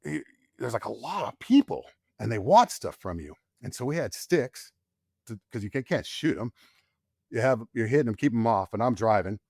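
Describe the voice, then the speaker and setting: A man in his forties talks openly as a podcast guest, a veteran recounting his service. His voice sits at an ordinary middle pitch and lifts sharply in the tense parts of a story. The sound is close and dry, with no room around it. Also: normal speed, vocal fry, slightly rough, no room sound. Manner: animated, rises in pitch when reliving tense moments. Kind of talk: candid storytelling in casual conversation.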